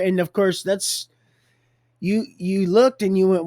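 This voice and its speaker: A man's voice: sits high, steady tone, takes it slowly, long pauses, dark tone, no echo, studio quality. A man hosting a live stream, telling a faith story in a rambling way, often laughing mid-sentence and repeating his words.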